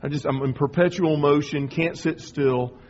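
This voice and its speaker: A middle-aged man giving a rambling, informal spoken testimony, often restarting and clearing his throat. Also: a little high, steady tone, normal speed, a little mellow, muffled recording, slight background noise. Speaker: speaker sharing a personal faith story.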